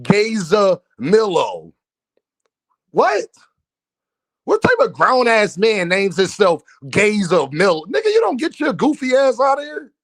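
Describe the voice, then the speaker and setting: A man with a high voice that swings widely up and down, hosting a livestream and firing back at his chat. He is brash, profane and mocking, and he sounds dry and close to the mic. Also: huge pitch swings, moderate pace, fairly bright tone, no echo. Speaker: boxing livestream host. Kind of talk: heated livestream rant at viewers.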